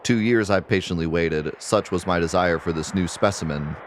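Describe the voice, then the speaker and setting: A man's voice: low voice, normal speed, a little hiss or hum, close to an everyday voice. A man voicing a sly, scheming male scientist villain who gloats and laughs mockingly while reading game dialogue aloud. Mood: gloating.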